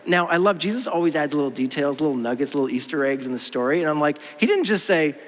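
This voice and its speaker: A man in his thirties preaching a sermon in a casual, animated way, acting out quoted voices. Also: a little high, fast talker. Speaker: pastor. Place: church auditorium. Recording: long hall reverb.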